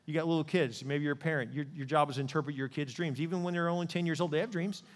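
A male pastor preaching a sermon in a lively way, often putting questions to his listeners. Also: a little high, racing, long reverb tail. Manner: animated preaching, asks the crowd questions.

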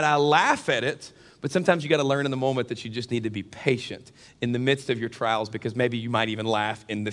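A middle-aged male pastor preaching a sermon, telling a comic story to his congregation. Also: a little high. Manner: animated, jokey storyteller who addresses the congregation.

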